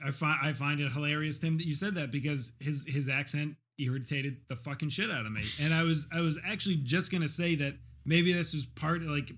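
A man's voice: on the high side, fairly bright tone, husky. A man from Maine co-hosting a film podcast, hesitant, repeating words, with dry sarcasm. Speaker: podcast co-host. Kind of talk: casual chat.

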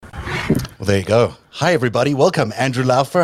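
A man's voice: mid-range voice, expressive, brisk. A man hosting a political talk show, chatting and joking with his panel as he leads the conversation. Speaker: podcast host.

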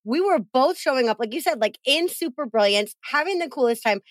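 Animated high-voiced woman podcast host. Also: brisk, no echo. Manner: animated, acts out quotes in big voices. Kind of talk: casual chat.

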